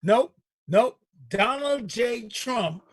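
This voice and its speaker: A man hosting a talk show, arguing politics in an animated, emphatic way and repeating himself. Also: very high voice, drawn-out words, husky, no echo, studio quality. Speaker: show host. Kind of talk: heated political debate.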